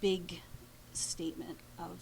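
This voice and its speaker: Halting woman painter telling a story. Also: lowish voice, flat delivery, gravelly, a little mellow, a little hiss or hum, low-quality recording. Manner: halting, many pauses and restarts. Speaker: painter, guest. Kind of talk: storytelling interview.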